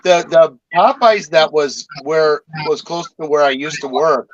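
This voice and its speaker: A man's voice: on the high side, a little slow. Hesitant man on a dull lo-fi mic. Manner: hesitant, trailing off, filler-heavy. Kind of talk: casual chat.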